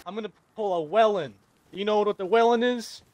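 High-voiced man in whiny outrage. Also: a little fast, heavy background noise. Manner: whiny, dramatic, overacted outrage. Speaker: game player on voice chat. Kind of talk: pleading, angry in-game voice chat.

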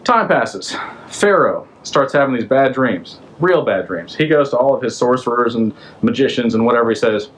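A man's voice: mid-range voice, expressive, normal speed, fairly bright tone, poor audio. A man hosting a podcast, retelling an old story in a casual, slangy way and throwing in rhetorical questions. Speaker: podcast host.

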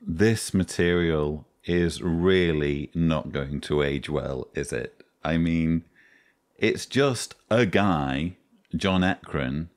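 A man giving slow, sarcastic, critical commentary on a video he is reviewing. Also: very deep voice.

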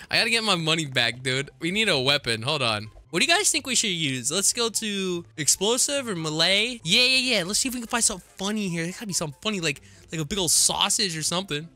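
A woman's voice: fairly low pitch, animated, fast talker, hardly any pauses, pushed and bright. A woman gaming YouTuber giving goofy, crude comedic commentary over Roblox gameplay. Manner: goofy, crude, rambling jokes.

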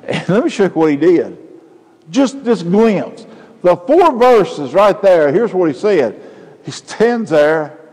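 A man's voice: high-pitched, big pitch swings, slow pace. Man, pastor, impassioned sermon, long church reverb. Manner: impassioned preaching, rising to loud emphatic peaks. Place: church sanctuary.

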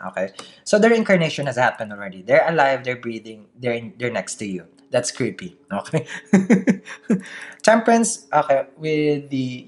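Tarot reader, solo to camera. Chatty, laughs a lot, slight accent, mid-pitched voice. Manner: chatty, laughs often, keeps asking "okay?". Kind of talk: casual daily tarot reading to camera.

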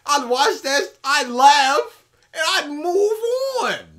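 Lively, mocking commentary co-host. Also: sits high, slow. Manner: mocking, slips into impressions of the person discussed. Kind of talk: casual commentary chat.

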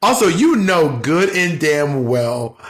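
Male podcast co-host, playful profane storyteller, a little high-pitched. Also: big pitch swings, takes it slowly. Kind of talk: casual banter.

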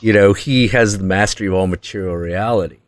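A man hosting his own show, telling a story as a casual monologue in an intense, profane, excitable way. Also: on the low side, fast, no echo, studio quality. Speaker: host.

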